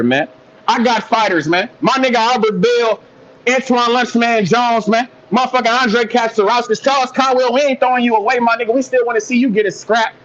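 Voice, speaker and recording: A man's voice: extremely high pitch, fairly bright tone, highs cut off. A man calling in to rant about boxing, fired up and heavily profane. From American Midwest. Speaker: caller. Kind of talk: heated boxing call-in rant.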